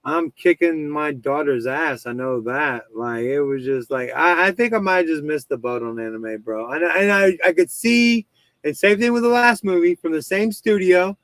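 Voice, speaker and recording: A man's voice: fairly high pitch, moderate pace, fairly bright tone, no room sound, rough recording. A man in his thirties hosting a casual podcast, telling stories in a rambling way with lots of swearing and restarts. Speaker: podcast host. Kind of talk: casual chat.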